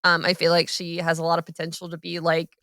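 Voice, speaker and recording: A woman with a low but bright, forceful voice calls a live esports match. She is chatty and laughs easily with her co-caster. The sound is close and dry. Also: monotone, fast, no echo. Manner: giggly, chatty color commentary.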